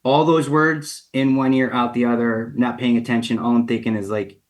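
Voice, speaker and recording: A man's voice: mid-range voice, moderate pace. A man, a ceramic artist and guest on a radio interview, telling a casual story, acting out the lines of the people in it, with plenty of fillers. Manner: casual and animated, acts out quoted dialogue, many fillers.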